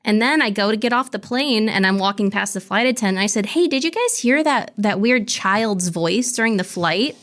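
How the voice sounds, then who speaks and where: Woman telling an animated story. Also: medium pitch, normal speed, hardly any pauses. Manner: animated retelling with quoted voices. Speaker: in-studio guest telling her story. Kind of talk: casual storytelling.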